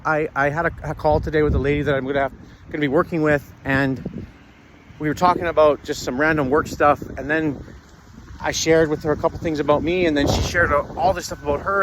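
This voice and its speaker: Male vlogger, fairly high voice, earnest, halting delivery, outdoors on foot. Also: a bit bright, slight background noise. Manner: earnest, halting, searching for words. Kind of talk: reflective personal talk. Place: outdoors, walking in the sunshine.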